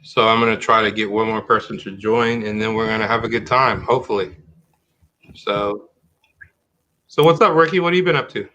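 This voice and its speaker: A man's voice: fairly low pitch, brisk, pushed and bright, muffled recording. A middle-aged man hosting a live-streamed talk show in casual chat, rambling and restarting his sentences as he thinks aloud.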